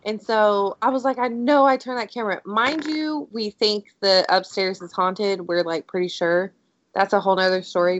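A woman co-hosting a podcast, telling a story in a casual, animated way and saying "like" a lot. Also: mid-range voice, dry recording. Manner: animated, excitable storyteller, heavy use of "like". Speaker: podcast co-host. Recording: dry, dull lo-fi audio.

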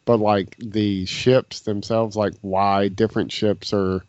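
A man with a lowish voice trades jokes and laughs easily while commenting on a film. His audio comes through a remote call, dull and muffled, with a very dry, close sound. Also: level tone, slow pace, a little mellow, no echo. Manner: joking, laughs often. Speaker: podcast co-host. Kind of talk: casual movie commentary chat. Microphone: remote call, audio cuts out.

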